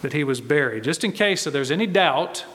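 A man's voice: a little high, expressive, brisk, fairly bright tone, in a large hall, slight background noise. A male pastor preaching a sermon in a church, emphatic and driving his points home by repeating key phrases.

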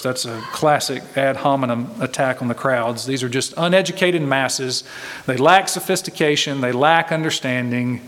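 A man's voice: mid-range voice, moderate pace, a bit bright. Earnest preacher man in a reverberant hall. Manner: earnest, emphatic, repeats phrases for stress. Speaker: pastor. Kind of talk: expository sermon. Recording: long reverb from a large hall.

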